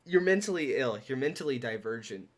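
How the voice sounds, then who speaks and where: A man's voice: medium pitch, expressive, brisk, crowd noise. Dramatic, joking man on a podcast. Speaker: podcast co-host. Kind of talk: casual movie podcast chat.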